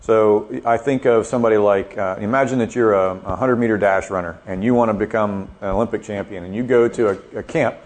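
A man leading a group theology discussion, thinking aloud with lively asides. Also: fairly low pitch, a little fast, hardly any pauses. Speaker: discussion leader.

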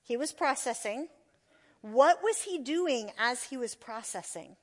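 A woman speaking to an audience, telling an animated story and asking the listeners questions. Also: on the high side, unhurried. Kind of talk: talk to an audience.

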